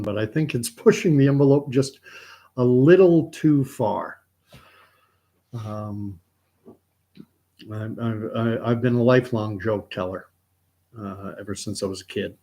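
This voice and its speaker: A man from Canada hosting a casual joke-telling live stream, soft-spoken and rambling with many fillers. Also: mid-range voice. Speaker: joke-telling livestream host.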